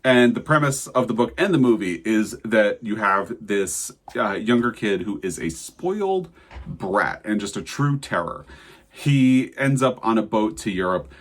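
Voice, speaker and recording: A man's voice: lowish voice, animated, unhurried. A man co-hosting a casual book review chat, summarizing in detail and giving frank opinions. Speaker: book channel co-host.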